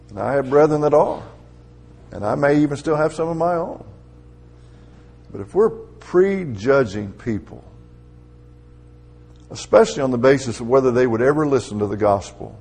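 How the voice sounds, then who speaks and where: Middle-aged male preacher, husky and gravelly, conversational delivery with emphatic swells. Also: mid-range voice, darkish tone. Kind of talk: sermon.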